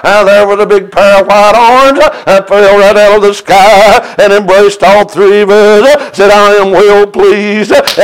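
High-pitched preacher man. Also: clear, resonant tone, rough recording. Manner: preaching with frequent "uh" fillers, rising into high chanted cries. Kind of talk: sermon testimony.

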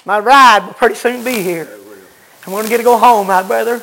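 An older man singing a slow gospel song, then chatting and telling stories, addressing people by name. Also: high-pitched, fairly even intonation, sharp tone, a little hiss or hum, rough recording. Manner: drawn-out sung lines, then quick chatty talk addressing others by name. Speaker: gospel singer. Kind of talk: gospel singing and folksy storytelling.

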